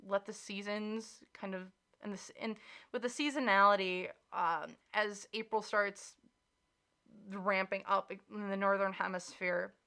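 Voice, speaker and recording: At a measured pace and medium pitch, a woman reads tarot in a bright, forceful tone with fairly even intonation. She keeps it casual and chatty, emphatically reassuring and earnestly encouraging, with plenty of filler "likes."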